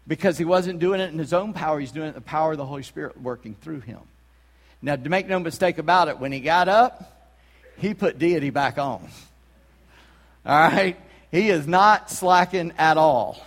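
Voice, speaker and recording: A man preaching in a church, his voice pitched high for a man. He talks like he's chatting with the congregation, throwing out rhetorical questions with emphasis, and his words ring out in a long church reverb. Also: moderate pace. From South Carolina. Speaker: pastor. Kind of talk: sermon. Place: church sanctuary.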